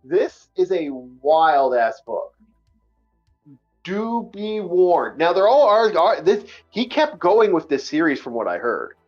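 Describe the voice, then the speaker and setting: A man hosting a casual online book-review chat, emphatic and animated, repeating himself often. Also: high-pitched, takes it slowly, highs cut off, soft background music. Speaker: podcast host.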